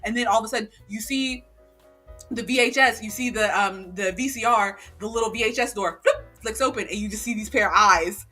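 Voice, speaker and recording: A woman's voice: fairly high pitch, fairly quick, faint music behind. A woman co-hosting a casual chat podcast, retelling a story with lots of fillers and acted-out quotes. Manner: animated storytelling, acting out quotes. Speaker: podcast co-host.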